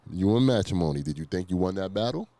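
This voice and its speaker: Deep gravelly man, animated host. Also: fast talker. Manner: animated storyteller, hypes things up. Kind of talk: casual interview. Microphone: video call.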